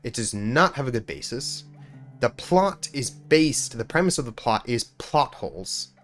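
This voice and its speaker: A man and gaming YouTuber in an angry, sweary rant about a game, repeating himself, then quietly apologizing to his viewers. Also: medium pitch, very animated, measured pace, faint music behind.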